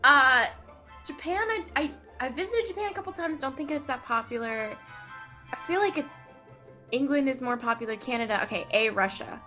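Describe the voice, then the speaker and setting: A young woman as a guest on a casual quiz, talking in an animated way, laughing often and shrieking when she gets answers wrong. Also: high-pitched, normal speed, soft background music. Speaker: guest musician.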